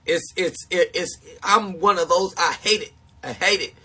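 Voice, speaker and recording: A man talking live to his supporters in a high, bright voice with a husky, breathy edge. He speaks slowly and emphatically. He repeats himself, laughs between points, and sounds confessional. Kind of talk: casual livestream chat.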